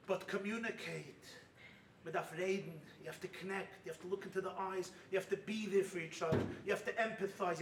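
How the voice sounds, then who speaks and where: High-voiced rabbi preaching in an echoey hall. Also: male voice. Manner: animated preaching, punctuated by shouted emphasis and humor. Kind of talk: sermon at a weekend retreat. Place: hall at a retreat. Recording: roomy hall from a distant mic with faint noise.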